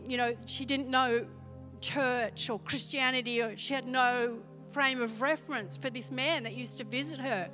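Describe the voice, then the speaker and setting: An Australian woman pastor preaching a sermon, telling a personal testimony in an animated way. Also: sits high. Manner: animated storytelling testimony, acting out quoted voices.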